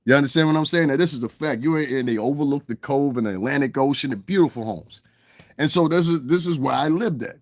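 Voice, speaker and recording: Speaking quickly in a clean studio recording with no room sound, this medium-pitched American man is a commentary vlogger. His profane, casual rant to viewers is peppered with chuckles and the frequent question "you understand what I'm saying."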